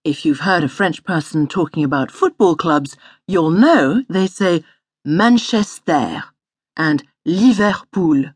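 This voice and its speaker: A woman instructor reading a scripted audio language lesson in a studio, slowly modelling each word to repeat. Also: low-pitched, animated, husky, dry recording. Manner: patient, slow model pronunciation.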